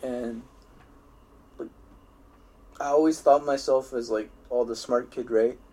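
A man's voice: mid-range voice, steady tone, slow pace, warm tone. A young man co-hosting a casual podcast, telling school stories in a rambling way, with many restarts and swearing, and laughing at his own tales. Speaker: podcast co-host. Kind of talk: casual chat.

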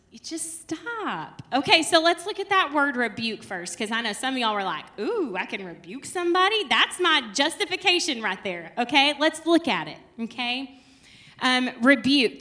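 Lively, high-voiced woman teaching Bible. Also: a little slow. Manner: lively, chatty, laughing asides.

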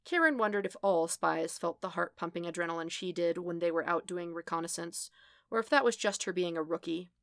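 A woman reading fan fiction aloud as a podfic, in a calm, measured storytelling manner, lightly voicing the dialogue. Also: on the low side, dry recording, studio quality. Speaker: podfic reader.

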